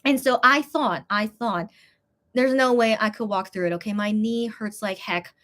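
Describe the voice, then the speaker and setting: A woman's voice: mid-range voice, normal speed. A young woman telling a story in a casual, rambling way, with lots of restarts and fillers. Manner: lively, breaks into laughs. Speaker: vlogger.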